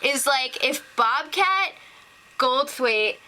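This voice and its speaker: A chatty young American woman trading takes on a reality show cast, her high voice bright and clear. She laughs often and acts out what people said. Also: animated, takes it slowly. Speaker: co-host of a reality TV recap show. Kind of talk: casual chat.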